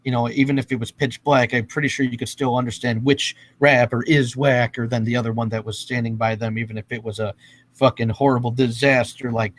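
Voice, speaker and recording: A man's voice: mid-range voice, flat delivery, fairly quick. A man ranting casually and freestyle rapping at home, profane and rambling. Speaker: freestyle rapper. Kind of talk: casual rant and freestyle rap. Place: indoors at home.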